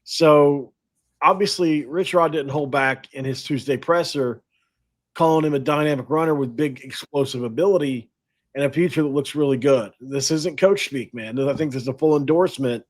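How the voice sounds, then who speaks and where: A man's voice: on the high side, moderate pace. A man hosting a sports podcast, talking casually and in a rambling, self-deprecating way with frequent laughs. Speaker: podcast host.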